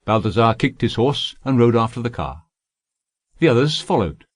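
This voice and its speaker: Male narrator, mid pitch, even scripted audiobook delivery, dry close studio. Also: normal speed, husky, dry recording.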